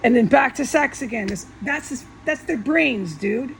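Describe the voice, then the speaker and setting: A woman's voice: sits high, animated, unhurried, creaky, slight background noise, rough recording. A woman talking alone in an angry, profane, repetitive monologue, speaking to viewers from her home. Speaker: vlogger.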